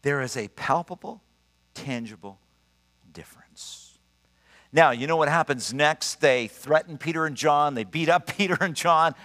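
A man in his sixties preaching a sermon, emphatic and animated, telling personal stories. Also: on the high side, moderate pace, few pauses. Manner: animated, emphatic, storytelling with laughs. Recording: long reverb of a large hall.

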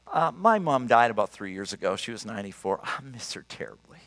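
A man in his sixties preaching a sermon, emphatic and animated, telling personal stories. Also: on the low side, fairly quick. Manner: animated, emphatic, storytelling with laughs. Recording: long reverb of a large hall.

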